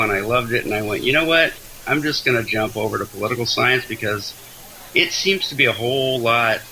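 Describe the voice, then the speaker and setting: Male interview guest, bright and forceful tone, chatty, joking at his own expense, faint hiss. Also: fairly low pitch, rough recording. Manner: chatty, self-deprecating, stumbles and restarts. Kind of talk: casual interview chat.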